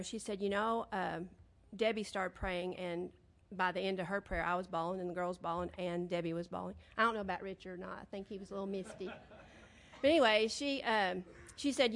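A middle-aged woman, sharing a personal testimony with her church congregation in a chatty, storytelling way. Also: medium pitch. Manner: chatty, storytelling, self-deprecating.

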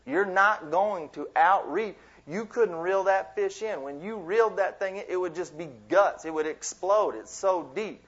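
A man preaches to a youth group in a loose, conversational way, breaking off into playful asides and building to emphatic points. His voice sits somewhat high for a man. The recording is dull and lo-fi. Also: a little slow, few pauses, fairly bright tone. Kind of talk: sermon. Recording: dull lo-fi sound.

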